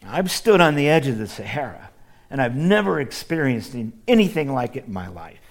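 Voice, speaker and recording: A middle-aged male pastor from the Midwest preaching a sermon, addressing his congregation directly and moving from loud emphasis to hushed near-whispers. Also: medium pitch, big pitch swings, a little fast. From American Midwest.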